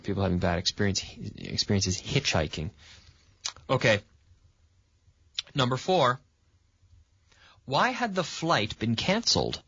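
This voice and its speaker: A man hosting a radio English lesson, patiently quizzing a student and stressing words with lively intonation. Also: lowish voice, a little slow, pauses often, husky, no echo. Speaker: English teacher and radio host. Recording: dull, lo-fi sound.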